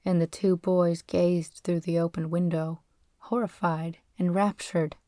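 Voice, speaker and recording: A woman narrating a novel as an audiobook, reading in a steady, expressive way. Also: on the low side, a little slow, dry recording, studio quality.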